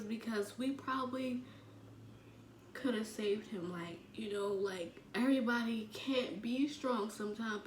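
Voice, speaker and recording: A young woman from the telling a personal story in a halting way, full of fillers, often sinking almost to a whisper. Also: on the high side, far from the mic. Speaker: vlogger. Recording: echoey room with faint ambient noise.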